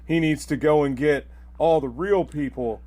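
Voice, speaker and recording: A man's voice: a little high, normal speed, warm tone. A man with a somewhat raised voice joins a podcast as a guest. He rambles casually, with lots of "you know" and "right?" thrown in. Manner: rambling, filler-heavy with tag questions.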